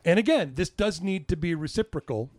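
A man in a casual podcast chat, his pitch leaping up and down as he jokes. He swears freely and teases, and the sound is dry and close. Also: fairly quick, dry recording. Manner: animated, sweary, joking. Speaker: podcast co-host.

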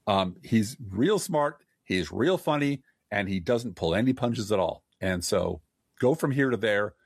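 Guy ranting about the news, sarcastic, voice jumps all over, dry husky sound. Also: on the low side, unhurried, no echo. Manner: sarcastic, animated reading of quotes. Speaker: podcast co-host. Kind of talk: political commentary chat.

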